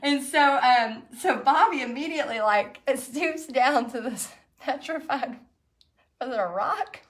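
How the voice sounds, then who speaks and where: A middle-aged woman with a high, unhurried voice hosts an online paint party as the painting instructor. She chats casually while painting, telling a story and laughing often.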